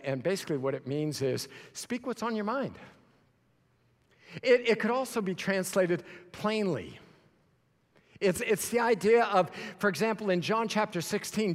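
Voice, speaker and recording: Male pastor, high voice, preaching plainly with loud and hushed swings; long hall echo. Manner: swings from loud near-shouting to quiet low talk; plain-spoken, with quick repeated restarts. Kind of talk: sermon.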